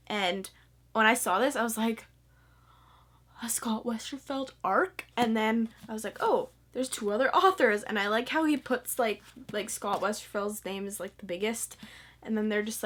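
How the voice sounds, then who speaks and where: A young woman chatting casually about books to her camera, bubbly and excitable, full of fillers and eager asides. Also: fairly high pitch. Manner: bubbly and excitable, lots of fillers, squeals and laughs. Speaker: book vlogger. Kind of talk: casual chat.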